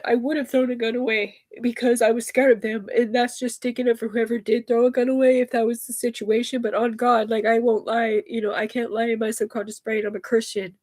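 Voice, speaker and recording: A woman on a live stream tells a personal story in a loose, rambling way, swearing freely. Her voice sits a bit higher than most women's, and her telling often turns emotional. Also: level tone, brisk, few pauses, darkish tone. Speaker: livestreamer.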